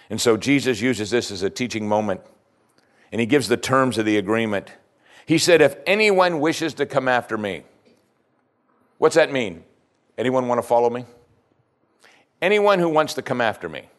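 A man's voice: medium pitch, lively intonation, normal speed, long pauses. A male pastor preaching a sermon, retelling scripture in casual everyday speech and addressing the congregation directly. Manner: conversational preaching, paraphrasing scripture in plain speech.

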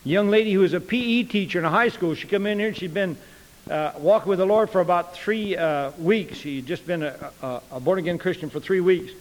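A folksy preacher man delivering a sermon, his voice sitting a little high for a man. He acts out each conversation he tells, and a long reverb from the hall trails behind his words. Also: fairly quick.

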